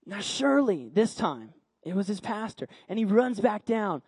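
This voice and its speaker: A male preacher with a high voice delivers an animated storytelling sermon, repeating phrases and pausing for effect. The recording is dry and close, with no room sound. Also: breathy edge, dry recording. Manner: animated, repetitive, dramatic pauses.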